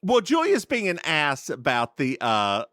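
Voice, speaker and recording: Male podcast co-host, teasing banter, lively pitch, bright tone, dry close mic. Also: unhurried, no echo. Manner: teasing, playful, repeats phrases for comic effect. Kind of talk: casual chat.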